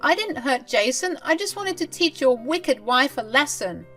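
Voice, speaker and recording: A woman voicing a shrill spiteful grandmother. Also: lively intonation, normal speed, fairly bright tone, soft background music. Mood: shrill pleading.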